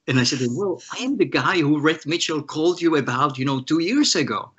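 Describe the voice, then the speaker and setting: Guesting on an interview, this guitarist from the Czech Republic spins lively anecdotes, voicing the characters he quotes and frequently starting over. He speaks a little fast in a fairly high, husky voice on a lo-fi recording.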